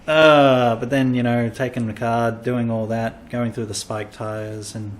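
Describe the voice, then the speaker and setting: A man's voice: medium pitch, monotone, unhurried, darkish tone. An Australian man, a comedian hosting a casual podcast, rambling through travel stories and acting out quoted lines.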